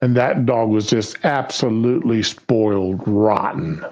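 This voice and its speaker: A man's voice: fairly low pitch, a little slow, darkish tone, poor audio. A man hosting a livestream show, chatting casually about politics in a folksy way and asking and answering his own questions.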